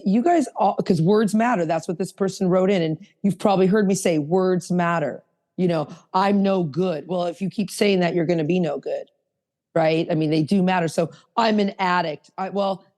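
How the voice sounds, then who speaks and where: Earnest woman co-host, middle-aged, lowish mellow voice, leans hard on key phrases. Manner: earnest, emphatic, slows down to stress phrases. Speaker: podcast co-host. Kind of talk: casual podcast talk reading from a recovery book.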